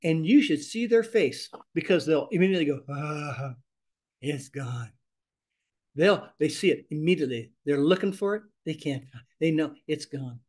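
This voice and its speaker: A man with a fairly high voice teaches a ministry class. He talks in an animated, expressive way and speaks the sample prayers aloud as he goes. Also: brisk.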